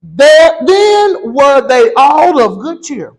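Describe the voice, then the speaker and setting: A man preaching a sermon, reading scripture and then building to slow, emphatic shouted lines. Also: very high voice, sing-song, low-quality recording.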